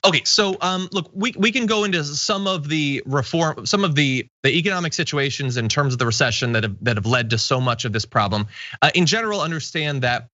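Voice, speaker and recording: Bright-voiced male talk show host. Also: on the high side, fairly quick, no room sound, muffled recording. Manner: relaxed, laughs easily, reads viewer comments. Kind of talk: casual news talk show chat.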